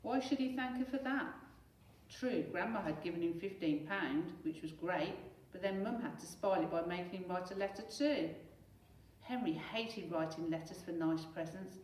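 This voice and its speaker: A woman's voice: lowish voice, normal speed, recorded from a distance. Woman reading a storybook aloud. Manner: lively, expressive reading. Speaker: primary school teacher. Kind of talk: storybook read-aloud for children. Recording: echoey room, away from mic.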